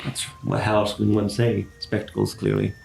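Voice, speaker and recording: A man playing a tabletop game, describing his character in a slow, dry, grumbling way. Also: on the low side, level tone, vocal fry, a little mellow, roomy sound, soft background music. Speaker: player.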